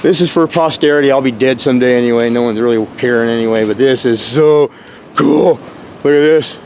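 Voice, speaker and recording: A man's voice: medium pitch, a little fast, darkish tone, slight background noise. A man narrating as he films outdoors on a rocky shore, rambling and exclaiming, breaking into whoops now and then. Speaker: vlogger exploring rock formations. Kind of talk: excited narration while filming outdoors.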